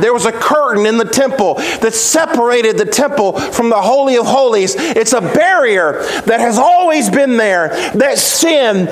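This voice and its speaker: A man preaching a sermon as pastor, with emphatic repetition and dramatic pauses. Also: high voice, low-quality recording.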